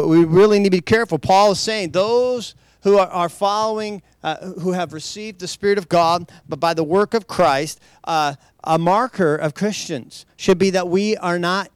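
A man with a high voice, recorded cleanly with no room sound, preaches a conversational sermon. His delivery is loose and chatty, full of restarts and asides, with light laughs between points.

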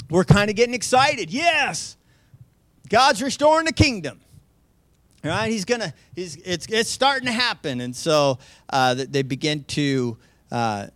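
A man's voice: on the high side, no echo. A man teaching a Bible passage as a sermon, in a conversational way with many fillers, restarts and jokey asides.

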